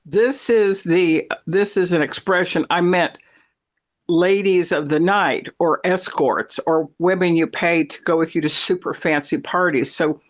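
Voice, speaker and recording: A man in a casual chat, telling long stories in an animated, rambling way. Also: a little high, measured pace.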